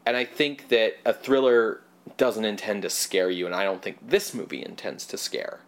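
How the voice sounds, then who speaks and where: This podcast co-host has a lowish voice and speaks at a moderate pace. Casually and at length, he talks films, wandering off on tangents and cursing occasionally.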